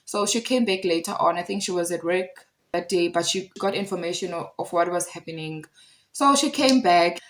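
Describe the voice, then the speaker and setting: Animated woman telling a story. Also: lowish voice, normal speed, slight background noise. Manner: animated, repeats phrases for emphasis. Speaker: storyteller vlogger. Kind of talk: casual storytime vlog.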